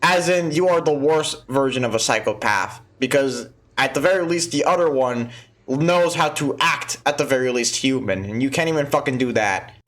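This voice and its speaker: A man's voice: mid-range voice, moderate pace, fairly bright tone. A man hosting a gaming video, talking through a game with profane jokes and frequent laughter. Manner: profane, joking, laughs often. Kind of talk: let's play commentary.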